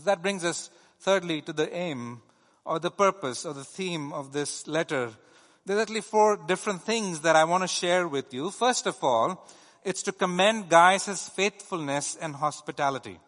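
A man preaching in a bright, fairly high voice. He teaches steadily and often pauses on "uh". His voice rings with long reverb. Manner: teaching, steady, with frequent "uh" fillers. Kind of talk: sermon.

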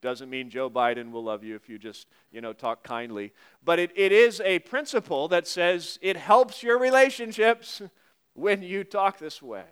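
A man delivering a sermon in a smooth, clear voice that sits a little high for a man. He talks to his listeners conversationally, slows down to read scripture aloud, and drops in wry asides. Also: lively intonation, fairly bright tone. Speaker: pastor.

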